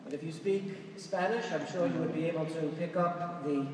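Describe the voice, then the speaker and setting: A man's voice: fairly high pitch, brisk, crowd noise. A man from Brooklyn with a Brooklyn New York accent, a Franciscan friar giving a humorous conference talk and laughing at his own jokes. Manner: joking storyteller, laughs at his own lines. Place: large church or conference hall. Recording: echoey hall from far off, noisy.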